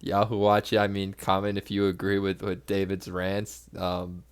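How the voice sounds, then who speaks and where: A relaxed man with a fairly low voice chats casually as a podcast co-host. He speaks hesitantly, with plenty of fillers, and often breaks into easy laughter. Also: unhurried, very noisy.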